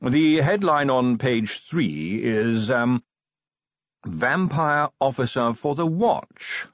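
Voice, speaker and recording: A man voicing a prim, smooth-spoken middle-aged butler with a formal, deferential manner in an audiobook. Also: mid-range voice, animated, takes it slowly, dry recording, dull audio, voice pushed up.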